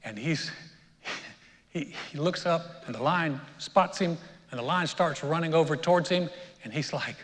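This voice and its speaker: Storytelling pastor in a reverberant church. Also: male voice, a little high, moderate pace, fairly bright tone. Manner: storytelling preacher, builds to emphatic peaks. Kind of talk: sermon. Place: church sanctuary. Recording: long reverb of a church hall.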